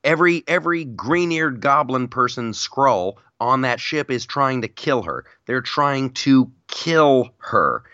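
A man's voice: mid-range voice, animated, unhurried, few pauses, pushed and bright, no echo, muffled recording. A man co-hosting a podcast, chatting casually and ranting about a movie, acting out scenes in mocking voices. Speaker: podcast co-host. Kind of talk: casual chat, movie rant.

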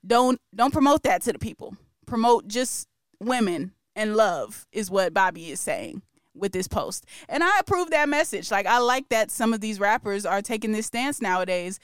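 Chatty woman podcast host, crisp dry voice. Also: medium pitch, expressive, moderate pace, dry recording. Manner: chatty and opinionated, laughs often. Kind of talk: casual music news chat.

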